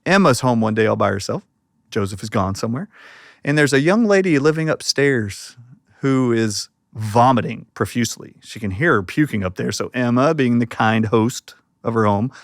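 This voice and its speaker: A man's voice: medium pitch, vocal fry, dry recording. Man telling a story in a dry, close sound. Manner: acts out quoted voices while telling a story. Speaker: interview guest. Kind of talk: animated storytelling in an interview.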